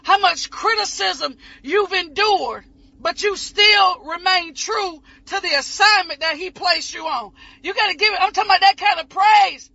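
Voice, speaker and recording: Woman preaching hard, shouting and whooping, voice cracking like she's crying, muffled lo-fi sound. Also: very high-pitched, normal speed, vocal fry, no echo. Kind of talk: ecstatic sermon. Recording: muffled lo-fi recording.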